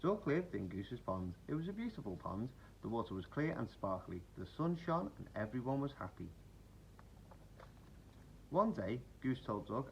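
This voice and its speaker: A man reading a children's picture book aloud in an expressive bedtime-story manner. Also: on the low side, normal speed, vocal fry, lo-fi sound, a little hiss or hum. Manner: animated, expressive.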